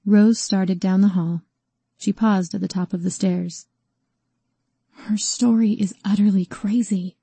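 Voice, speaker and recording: A woman narrating a novel in an even, measured storytelling manner. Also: medium pitch, vocal fry, husky, no echo. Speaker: audiobook narrator.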